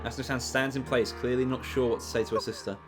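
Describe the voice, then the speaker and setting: Very low-voiced woman narrating a game. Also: steady tone, fast. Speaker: streamer. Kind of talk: narrating a visual novel playthrough. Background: game music.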